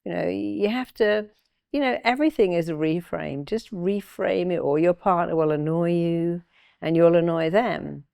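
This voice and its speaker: Older woman therapist, gravelly lowish voice, animated storytelling, bone dry studio sound. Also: normal speed, no room sound. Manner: animated, acts out quoted voices. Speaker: therapist and author. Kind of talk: interview guest, storytelling.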